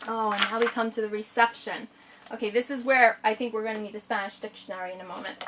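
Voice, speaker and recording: A woman teacher reads a picture book aloud to a young student, stretching out the vivid lines and breaking off to explain. Her voice sits somewhat high and is picked up from a little way off the mic, in a room. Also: recorded from a distance, a little hiss or hum. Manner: expressive, slows down to savor descriptive lines.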